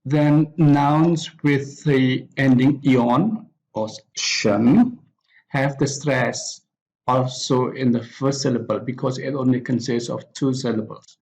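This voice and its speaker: A man teaching an English pronunciation lesson, reading out example words one by one with pauses between them. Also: mid-range voice, darkish tone, slight background noise, low-quality recording. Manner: deliberate, pausing after each example word. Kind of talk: slow spoken lesson reading word lists.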